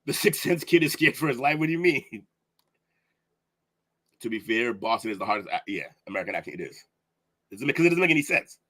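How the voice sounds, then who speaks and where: A man co-hosting a casual podcast who talks in an opinionated, animated way, with laughing asides. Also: mid-range voice, fast, pauses often. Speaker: podcast co-host.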